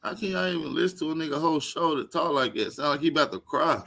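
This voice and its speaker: A man's voice: a little high, fast, gravelly, pushed and bright. A man from Texas, hosting a casual panel show and trash-talking in a brash way. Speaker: host.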